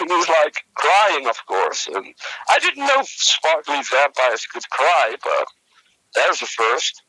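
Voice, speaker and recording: A young man co-hosting a comedy podcast, telling a rambling story with many halting restarts. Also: fairly high pitch, big pitch swings, pushed and bright, husky, no echo, low-quality recording. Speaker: podcast co-host.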